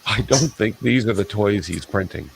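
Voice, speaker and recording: A man's voice: fairly low pitch, animated, normal speed, vocal fry, background noise. A man on a casual group video call, making dry, wry remarks. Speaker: participant in video hangout.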